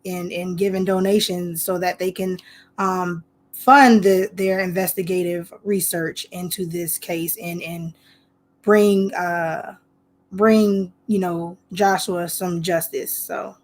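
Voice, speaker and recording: A woman talk show guest chatting casually, unhurried, with many pauses and fillers. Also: lowish voice, little pitch movement. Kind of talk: casual chat.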